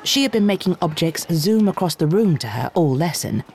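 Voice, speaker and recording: Steady audiobook narrator. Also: mid-range voice, a little fast, slight background noise. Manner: steady, expressive storytelling. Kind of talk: audiobook reading.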